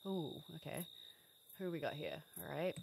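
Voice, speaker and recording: A young woman streams a game and chats casually with her viewers, animated and laughing often. Her voice is low with vocal fry, her pace moderate, and there's slight background noise.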